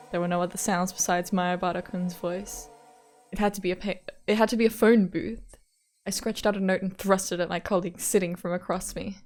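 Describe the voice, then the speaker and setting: A woman's voice: on the low side, fairly even intonation, fairly quick, a little mellow, soft background music. Playful woman reading a game aloud. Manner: giggly, repeats words playfully. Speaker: streamer reading a visual novel aloud. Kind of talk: reading game text aloud with casual asides.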